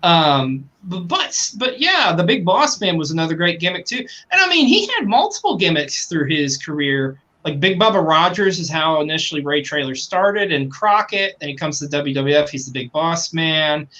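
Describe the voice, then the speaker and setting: Man, podcast co-host, casual enthusiastic chat, bright forceful tone. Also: a little high. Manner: enthusiastic, rambling, swears freely.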